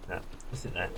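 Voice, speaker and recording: A man giving casual let's-play commentary, muttering quietly to himself as he plays. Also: a little hiss or hum, low-quality recording. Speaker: gamer. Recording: voice over loud game music. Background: game music.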